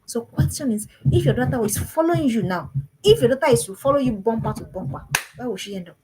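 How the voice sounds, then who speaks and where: A woman's voice: on the high side, lively intonation, fast talker, background noise. A woman, a parenting coach giving an emphatic talk to parents and repeating phrases for stress.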